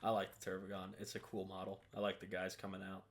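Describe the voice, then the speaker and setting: A man giving relaxed, offhand commentary while ranking miniatures, often saying "uh" and "eh". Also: low voice, quick pace. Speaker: hobby video creator. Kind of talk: casual tier-list commentary.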